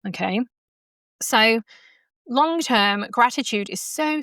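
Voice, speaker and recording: A woman's voice: mid-range voice, pushed and bright, dry recording. A woman hosting her own coaching podcast from home, talking casually with many fillers and frequent laughs. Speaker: podcast host and horsemanship coach. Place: at home in front of a laptop. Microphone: laptop podcast mic.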